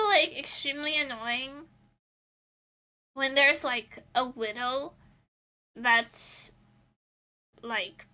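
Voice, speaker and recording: A woman's voice: high voice, bright, forceful tone. A woman streamer chatting casually while she draws, rambling and laughing often between thoughts.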